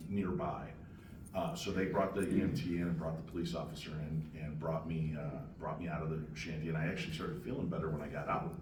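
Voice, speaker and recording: An older man telling an animated story on a convention panel and acting out other people's lines, heard from far off in a noisy room. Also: deep voice. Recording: echoey hall from far off, noisy.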